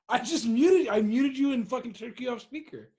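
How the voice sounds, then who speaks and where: Young man, podcast co-host, defensive and laughing, high pitch, lively, husky. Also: normal speed. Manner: defensive, laughing, lots of swearing. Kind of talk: casual chat.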